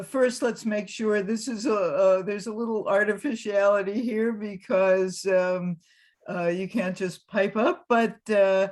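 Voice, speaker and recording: A webinar presenter giving a training talk over a video call, halting with many fillers and restarts. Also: mid-range voice, a little mellow.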